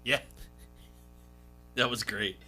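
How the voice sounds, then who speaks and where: A man's voice: medium pitch, steady tone, slow, sharp tone, slightly rough, soft background music. A man co-hosting a local sports talk radio show in an easygoing, casual way. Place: radio studio.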